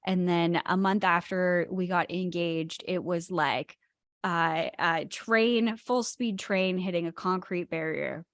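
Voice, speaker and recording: Emphatic woman, low and dry. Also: steady tone, takes it slowly, no echo. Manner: emphatic, stresses key words. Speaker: podcast co-host. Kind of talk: spiritual talk chat.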